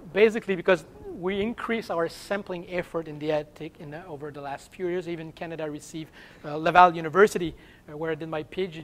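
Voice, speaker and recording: A man with a French accent, French as his first language, giving an academic seminar lecture and pausing often to search for English words. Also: fairly high pitch. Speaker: guest seminar speaker.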